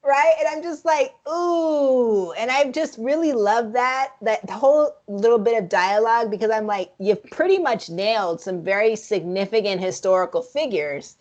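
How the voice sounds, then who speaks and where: A woman co-hosting a casual film review chat, frank and profane, speaking in an animated way. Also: on the high side, normal speed, few pauses. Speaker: podcast co-host.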